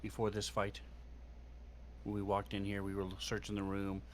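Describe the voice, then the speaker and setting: A man's voice: on the low side, completely flat delivery, normal speed, slight background noise. A man playing a tabletop game, rambling and a little unsure of the rules. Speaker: player. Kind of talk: casual chat at a game table.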